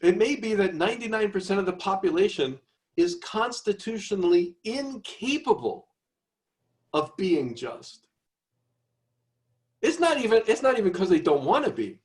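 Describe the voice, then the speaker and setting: Brief: male tutor running a class discussion, slightly high voice, pushes students to commit to their answers. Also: very animated, normal speed. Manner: probing, coaxing students to restate and commit. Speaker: seminar tutor.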